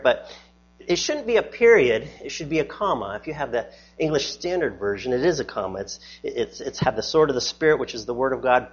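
A man's voice: medium pitch, lively intonation, fairly quick, slightly rough, lo-fi sound. A man preaching a sermon as pastor, earnest and emphatic, often repeating words as he restarts a thought.

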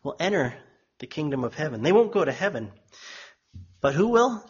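A male preacher delivering a sermon with a husky, slightly raised voice. He swings between emphatic, pitched-up quotations and low, hushed warnings. The recording is dull and lo-fi. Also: big pitch swings, normal speed, long pauses. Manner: emphatic, rises for quoted voices and drops low and quiet for solemn lines.

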